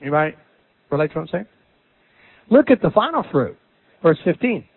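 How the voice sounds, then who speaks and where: A man preaching a sermon, dramatic, swinging from loud bursts to low asides. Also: big pitch swings, fairly quick, breathy edge. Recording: tinny phone-like sound.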